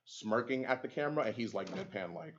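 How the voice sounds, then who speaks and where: A man's voice: medium pitch, animated, fairly quick, a little hiss or hum. A man on a panel, a game caster, telling stories in a casual, laughing way with many fillers. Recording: dull lo-fi audio.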